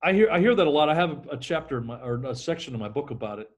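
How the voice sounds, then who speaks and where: A man's voice: a little high, lively intonation, very fast. A middle-aged man, a sales trainer, talking energetically in a podcast interview and acting out phone calls.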